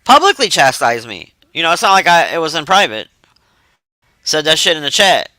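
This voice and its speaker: A man with a high, piercing voice rambles to his live-stream audience, profane and animated. He puffs himself up into mock outrage and then laughs at himself. The sound is close and dry, with no room around it. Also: normal speed, no room sound. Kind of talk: casual live-stream chat.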